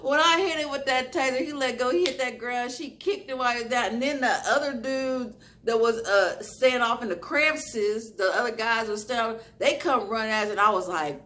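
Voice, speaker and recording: A woman's voice: on the high side, brisk, few pauses, slight background noise. A young woman vlogger telling a story to her viewers in a casual way, acting out what people said. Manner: animated storytelling, acting out quoted lines.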